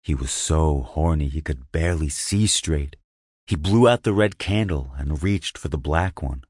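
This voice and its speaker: A man narrating an erotic audio story with a slow, hushed, lingering delivery on a close mic. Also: very deep voice, slightly rough, no room sound.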